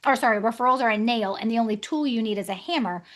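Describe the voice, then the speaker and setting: A woman's voice: on the high side, fast talker. A woman author being interviewed on a podcast, talking energetically and acting out conversations with clients. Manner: energetic, acts out client dialogues. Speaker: guest author.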